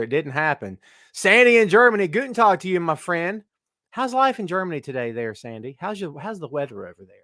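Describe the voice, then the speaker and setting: A middle-aged man hosting a live stream, greeting viewers by name in loud, joking, self-mocking banter. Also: medium pitch, no echo, clean studio sound. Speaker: host. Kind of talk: casual live-stream chat.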